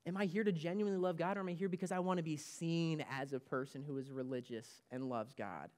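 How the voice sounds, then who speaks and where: Emphatic man preaching, slightly high voice. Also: quick pace, darkish tone. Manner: emphatic preaching, repeats key phrases. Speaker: pastor. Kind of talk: sermon. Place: church.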